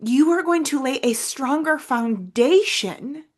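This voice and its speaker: A woman hosting a faith-based motivational podcast, talking earnestly and emphatically straight to her listeners, sometimes dropping to a soft hush for prayers. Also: high-pitched, expressive, slow pace. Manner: earnest, emphatic, addresses listeners as "you guys". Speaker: podcast host.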